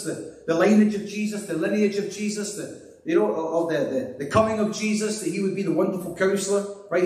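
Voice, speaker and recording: Scottish male pastor, high voice, earnest repeating cadence, echoey hall, heard from a distance. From Scotland. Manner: earnest, repetitive preaching cadence; drops to a hushed voice in prayer. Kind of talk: sermon with prayer. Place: church hall.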